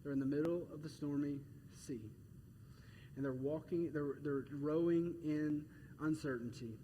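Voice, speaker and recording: A man preaching a sermon as pastor, conversational and animated, telling stories with quick laughs. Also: a little high, a little hiss or hum. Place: church auditorium. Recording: echoey hall with faint ambience.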